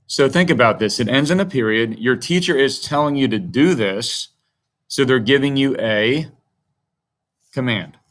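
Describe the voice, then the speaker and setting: A man's voice: mid-range voice, normal speed, fairly bright tone. A man teaching a grammar lesson to young children, speaking in a patient, friendly way.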